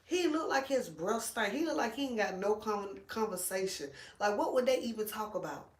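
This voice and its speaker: A woman vlogger chatting casually while braiding her hair, animated, blunt and full of slang and cursing. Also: mid-range voice, normal speed, reverberant.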